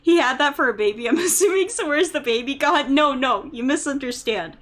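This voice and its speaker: A young woman streamer chatting casually with viewers, telling stories with lots of fillers and getting loud and exasperated when she rants. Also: high voice, expressive, fairly quick. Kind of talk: casual chat.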